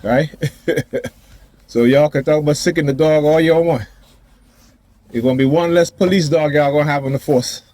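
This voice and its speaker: A man's voice: fairly high pitch, normal speed, pauses often, a little mellow. A man ranting defiantly to the camera outdoors in a casual, confrontational vlog, laughing now and then. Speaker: vlogger.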